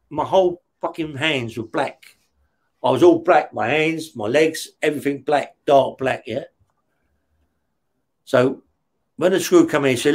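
A man's voice: a little high, measured pace, long pauses. A man from West London with a London accent, a guest in an interview, telling his story in casual talk, swearing often and checking in with "yeah?". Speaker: interview guest, former prisoner.

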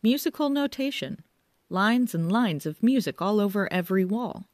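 A man's voice: sits high, animated, normal speed, no room sound, voice pushed up. Woman voicing a baffled young male guitarist for an audiobook, dry close sound. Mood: puzzled. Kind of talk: audiobook character voice.

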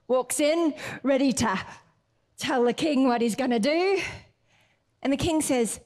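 A woman's voice: high voice, unhurried. A woman preaching a sermon, retelling a story expressively and then reading scripture aloud. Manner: animated, expressive storyteller, laughs often.

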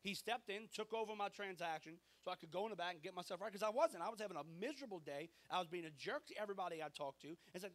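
Pastor, forties, fairly high voice, chatty sermon full of stories and quoted talk. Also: male voice, fast, few pauses. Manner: conversational, animated storytelling with quoted dialogue.

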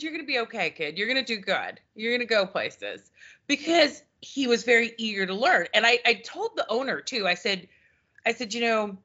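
A former customer service manager, now a podcast co-host, chats casually and tells stories, acting out the back-and-forth of what people said with animation. Her voice is mid-range, and the audio is dull and lo-fi.

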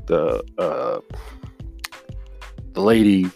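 A man's voice: low voice, sing-song, very slow, creaky, darkish tone, soft background music. A man hosting a podcast, casually retelling a drama in a rambling way and acting out lines from it. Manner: rambling retelling, acts out quotes. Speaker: podcast host.

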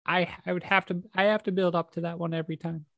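A woman's voice: fairly low pitch, flat delivery, fast talker, creaky, no echo. A woman hosting a podcast, chatting casually and encouragingly with her guest, using lots of fillers. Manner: warm, encouraging, conversational with many fillers. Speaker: podcast host. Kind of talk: casual chat.

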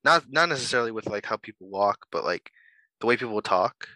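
A man's voice: on the low side, expressive, fairly quick, bright, forceful tone, no room sound, low-quality recording. A man chatting casually, hesitant, with lots of fillers. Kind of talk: casual conversation.

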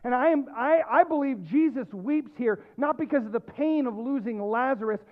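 A male pastor preaching a sermon, emphatic, dropping low and quiet and then rising with loud stress. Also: lively intonation, normal speed. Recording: tinny phone-like lo-fi sound.

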